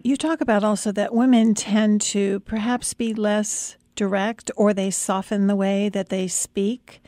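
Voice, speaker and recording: A woman hosting an interview and asking measured, thoughtful questions. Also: medium pitch, dark tone, dry recording. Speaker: host.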